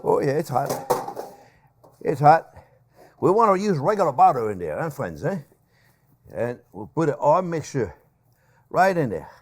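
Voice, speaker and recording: Lively older chef with a tongue. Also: male voice, a little high, a little slow, pauses often. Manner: chatty, animated, laughs at himself, calls viewers friends. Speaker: chef and cooking show host. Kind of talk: casual cooking demonstration.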